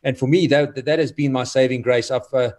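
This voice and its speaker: A man's voice: medium pitch, steady tone, fairly quick, a little mellow. A man being interviewed, talking in an earnest, motivational way. He halts and repeats words as he goes. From South Africa. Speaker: guest, former rugby player. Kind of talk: casual interview chat.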